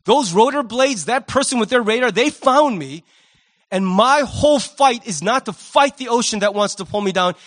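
A high-pitched man delivers a Sunday sermon from the pulpit. He paints vivid scenes with animated storytelling and drops humorous asides along the way. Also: normal speed. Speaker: pastor.

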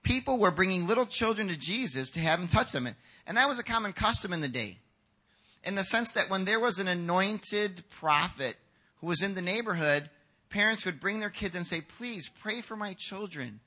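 Animated high-voiced man preaching. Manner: animated, acts out quotes with shouts. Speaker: pastor. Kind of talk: sermon. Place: church hall.

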